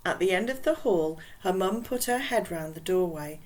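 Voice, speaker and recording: A woman's voice: lowish voice, expressive, normal speed, rough recording. A woman reading a children's novel aloud in a casual, chatty way. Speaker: reader.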